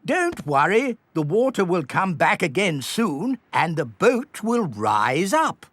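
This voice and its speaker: Grandpa Pig, hearty and stubborn. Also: female voice, fairly low pitch, sing-song, slow pace, exaggerated voice. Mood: jolly. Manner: hearty, self-assured, breezy. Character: cheerful stubborn elderly male pig grandfather.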